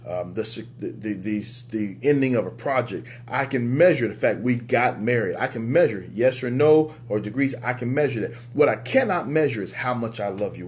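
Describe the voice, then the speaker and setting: A man with an ordinary, middle-pitched voice gives a motivational talk to other men. He preaches with emphasis and hammers key words through repetition. His pitch leaps up high whenever he lands a point, over a faint hum. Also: darkish tone. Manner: jumps up in pitch on punch lines. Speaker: men's life coach and show host.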